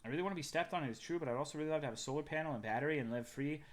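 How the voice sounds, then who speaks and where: A man's voice: a little high, very fast. A young man from Texas, a livestreamer chatting casually with his viewers in a loose, profane and joking way.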